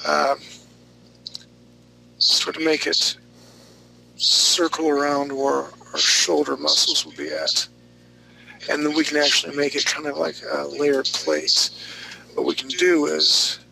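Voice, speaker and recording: Gravelly man walking through a drawing demo. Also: a little high, bright, forceful tone, a little hiss or hum, poor audio. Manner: easygoing and joking, talks through each step. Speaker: drawing instructor. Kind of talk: live drawing demonstration.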